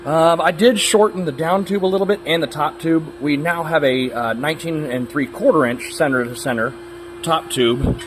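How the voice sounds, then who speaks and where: Against a noisy background, a man with a slightly high voice talks at normal speed as he walks through a bike frame build in his workshop. The hobby builder and vlogger is laid-back, chuckles a lot, and leans on "uh" fillers.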